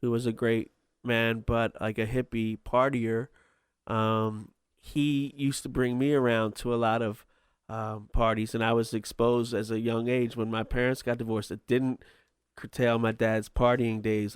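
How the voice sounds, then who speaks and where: Rambling man with a smooth voice. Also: medium pitch, flat delivery, a little slow, no room sound, studio quality. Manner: rambling, many ums. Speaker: podcast guest. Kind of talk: casual chat.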